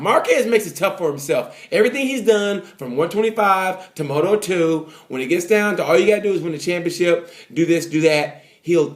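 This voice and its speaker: Male vlogger, fairly high voice, casual race recap, lively then hushed, phone-mic feel. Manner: animated, swings from excited to subdued, many fillers. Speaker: motorsport commentator. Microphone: phone or camera mic.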